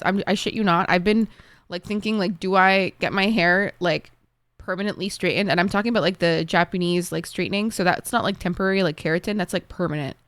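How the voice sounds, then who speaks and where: A young woman streamer chats casually with her viewers in a fairly low voice with no echo. She swears a lot and fills her speech with "like."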